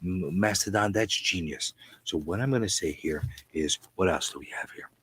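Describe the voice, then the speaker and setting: A man on a live stream doing a mock-seductive, hushed, calm voice in a low, breathy half-whisper. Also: heavily acted. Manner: slow, soft, teasingly sultry. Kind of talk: live-stream comic put-on voice.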